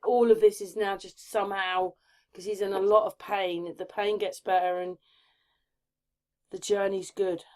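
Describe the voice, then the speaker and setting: A woman chatting casually as co-host in a soft, conversational way. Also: medium pitch, little pitch movement, measured pace. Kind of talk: casual chat.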